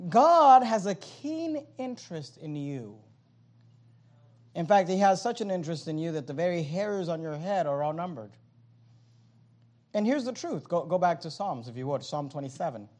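High-voiced emphatic male preacher. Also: very animated, moderate pace. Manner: emphatic preaching, repeats questions and answers; reads scripture aloud, swings between loud and soft. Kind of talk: sermon.

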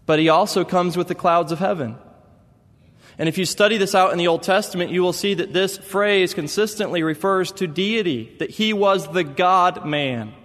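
A man's voice: fairly high pitch, fairly bright tone, big-room sound. A man preaching a sermon as pastor, telling stories with emphatic repetition.

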